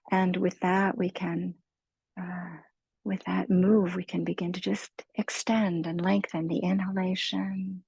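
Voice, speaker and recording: A meditation teacher guides a mindfulness talk in a low, husky voice with a touch of gravel. Her delivery is slow, gentle and soothing, never hurried. The low-quality recording is dry and close-miked, with no echo or sense of a room.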